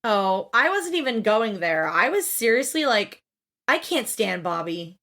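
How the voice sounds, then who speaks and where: A woman co-hosting a podcast, chatting casually and expressively as she recaps a TV show, swearing freely and acting out quotes. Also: measured pace. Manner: animated, expressive, swears freely, acts out quotes with big pitch jumps. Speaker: podcast co-host.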